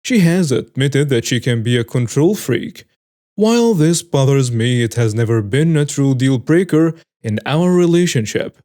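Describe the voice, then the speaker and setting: A man's voice: medium pitch, animated, normal speed, mellow. A man reading online stories aloud and adding wry, amused commentary of his own. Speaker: story narrator.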